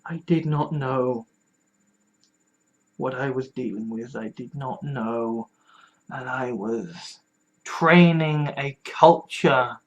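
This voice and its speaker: Quiet, halting confessional vlogger. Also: medium pitch, muffled recording. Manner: quiet, halting, repeats words, sometimes near a whisper. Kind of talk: confessional vlog monologue.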